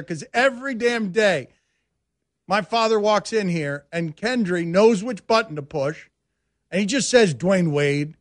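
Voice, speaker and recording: A man hosting a sports radio show in a studio, ranting and teasing in an animated, sarcastic way. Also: sits high, no room sound. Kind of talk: casual sports talk radio. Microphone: studio microphone.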